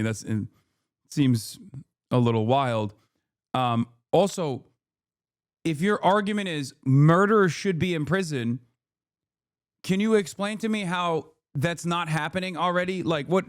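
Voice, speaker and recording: A man with a high voice gives heated, profanity-laced live-stream commentary. He argues hard and punches his points home. The sound is close and dry, with no room echo. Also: clear, resonant tone. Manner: profane, emphatic, argumentative. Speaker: streamer reacting to a debate.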